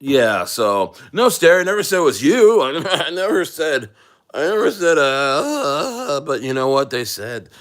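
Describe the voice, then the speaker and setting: A man's voice: on the high side, sing-song, a little slow, fairly bright tone. A man talking casually on his crypto livestream, rambling and joking with frequent profanity and laughter.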